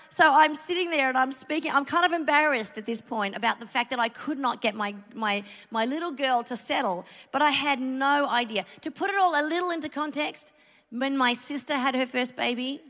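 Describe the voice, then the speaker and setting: Long hall reverb surrounds this middle-aged Australian woman as she gives a sermon from the church pulpit. She tells a personal anecdote chattily and earnestly, breaking off for asides, in a high, pushed, bright voice.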